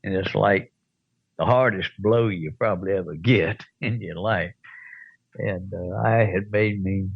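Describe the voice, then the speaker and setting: An older man, telling a rough anecdote as an interview guest with chuckles and blunt profanity. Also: deep voice, a little slow, no echo, muffled recording. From American South. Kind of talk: storytelling in an interview.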